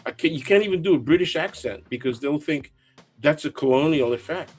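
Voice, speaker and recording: Middle-aged male guest, slightly high voice, wry and laughing, light music bed. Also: animated, fairly quick, darkish tone, husky. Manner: laughs often, wry asides. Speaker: guest professor. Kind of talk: casual satirical chat.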